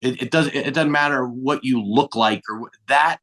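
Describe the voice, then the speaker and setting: In a mid-range, fairly bright voice at normal speed, a middle-aged male comedian guest tells casual stories. He plays out the dialogue himself and adds light swearing.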